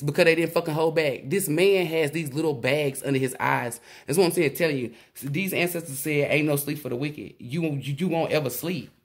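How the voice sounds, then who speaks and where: Excitable, cursing woman reading tarot. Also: low-pitched. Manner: excitable, profane, rambling with restarts. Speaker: tarot reader. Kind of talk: casual tarot reading to camera.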